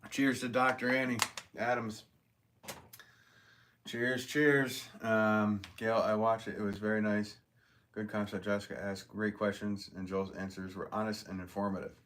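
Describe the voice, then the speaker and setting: A man with a notably low voice hosts a casual live stream and reads viewer comments aloud. He is upbeat and chatty, laughs often and thanks people warmly. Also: level tone, moderate pace, a little hiss or hum. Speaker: potter hosting a live stream.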